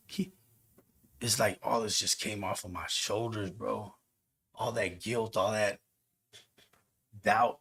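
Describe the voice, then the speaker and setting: A man's voice: mid-range voice, vocal fry, dry recording, studio quality. A man telling a heartfelt personal story on a podcast in casual, slang-filled speech. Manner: earnest, heartfelt testimony with street slang.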